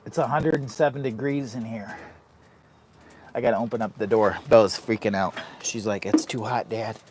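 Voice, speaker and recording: A man's voice: on the low side, fairly even intonation, normal speed, background noise. A man live-streaming from a heated camping tent, rambling casually and sweating in the heat, talking to his dog in a doting voice. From Michigan. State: hot and sweating. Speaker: outdoor vlogger and live streamer. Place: inside a heated tent in the rain.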